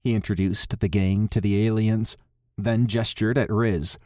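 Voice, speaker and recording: Male audiobook narrator, low voice, measured, dry close mic. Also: steady tone, a little mellow, no room sound. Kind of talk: scripted narration.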